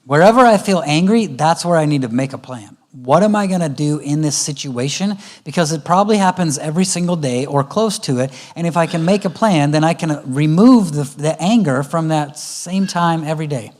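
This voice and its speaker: A man's voice: a little high, expressive, brisk, few pauses, a little mellow. A middle-aged man giving a conversational parenting talk at a church, acting out family dialogue. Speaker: guest speaker. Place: church auditorium.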